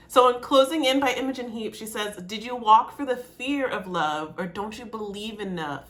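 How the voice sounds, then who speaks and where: A woman's voice: fairly high pitch, moderate pace, hardly any pauses. A woman poet reacting to a song in a casual video, emotional and repeating her phrases.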